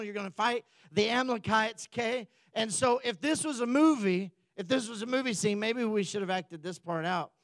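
Brief: male pastor preaching a sermon in a relaxed, joking, storytelling manner, high voice, dry sound. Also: no echo.

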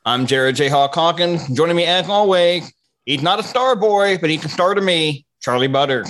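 A man's voice: a little high, moderate pace, fairly bright tone. Teasing male podcast host. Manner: teasing, profane banter. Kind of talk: casual chat.

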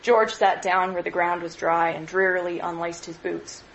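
A woman lecturer reading a novel aloud in an expressive, measured way. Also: lowish voice, muffled recording.

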